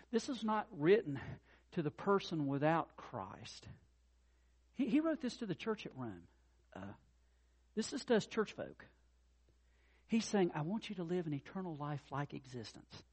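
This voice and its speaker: Earnest preaching man, fairly high voice. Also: sing-song, normal speed, breathy edge. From North Carolina. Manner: earnest, swings from soft and low to loud impassioned peaks. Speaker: pastor. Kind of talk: sermon.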